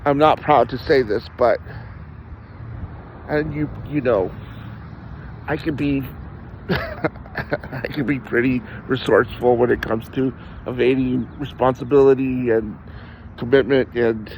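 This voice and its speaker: A man at an ordinary pitch tells candid stories about himself in a loose, rambling way, laughing and restarting his sentences. The audio sounds a little muffled and lo-fi, with a faint hum of street noise behind him. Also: fairly even intonation, slow pace, pauses often. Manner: rambling, self-deprecating, frequent laughs and restarts. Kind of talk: candid personal storytelling in conversation.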